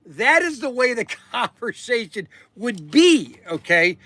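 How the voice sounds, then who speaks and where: A man's voice: extremely high pitch, very animated, unhurried, few pauses, bright, forceful tone, no room sound. A man hosting a casual livestream, rambling and repeating himself, tacking "okay" onto his sentences. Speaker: livestream host.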